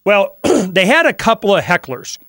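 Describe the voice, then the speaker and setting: A man from Florida hosting a talk radio show, telling stories in a rambling, animated way. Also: high-pitched, normal speed, dry recording, studio quality.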